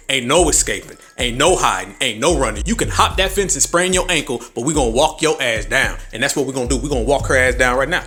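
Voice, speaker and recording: A man's voice: medium pitch, bright, forceful tone. Angry, profane man hosting a podcast. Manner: angry, profane, mocking, with sarcastic mimicry. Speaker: podcast host. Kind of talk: heated political commentary.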